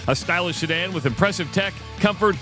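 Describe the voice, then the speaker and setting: A man's voice: high-pitched, a little fast, music in the background. A chatty man co-hosting a radio show who reads ads and talks casually with many restarts. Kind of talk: casual radio chat and ad read.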